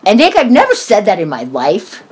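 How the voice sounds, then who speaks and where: A woman's voice: medium pitch, moderate pace, breathy edge. A woman in her forties telling a story in casual chat, swearing often and acting out what people said. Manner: animated, swears often, acts out quoted voices.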